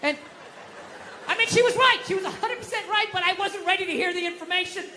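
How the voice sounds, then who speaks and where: Brief: middle-aged male stand-up, bright forceful delivery, profane self-deprecating rants, live room with long reverb. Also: extremely high pitch, fast talker, slight background noise. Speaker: stand-up comedian. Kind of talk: stand-up comedy routine. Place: comedy stage before a live audience.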